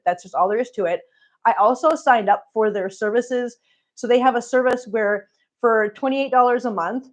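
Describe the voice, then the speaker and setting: A woman's voice: a little high, dull audio. A middle-aged woman chatting casually on a home livestream, greeting viewers by name as she talks. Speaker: cat channel host.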